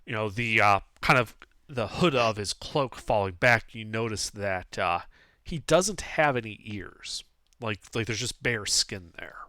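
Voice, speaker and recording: A man's voice: on the low side, a little slow, dry recording, clean studio sound. A man narrating a tabletop game as game master, rambling and full of fillers. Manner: animated, rambling with many fillers.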